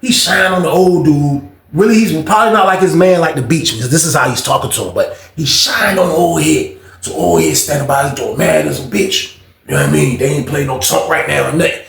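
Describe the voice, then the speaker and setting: Guy telling a prison story, cussing and slangy, kinda high voice, echoey room. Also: brisk, vocal fry. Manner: slangy, profane, animated retelling with quoted voices. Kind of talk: casual storytime.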